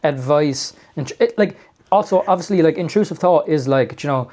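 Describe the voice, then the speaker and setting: A man's voice: a little high, animated, fast talker, a little mellow. A man in his thirties co-hosting a comedy podcast, rambling with lots of fillers and self-mocking jokes. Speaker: podcast co-host. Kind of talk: casual comedic banter.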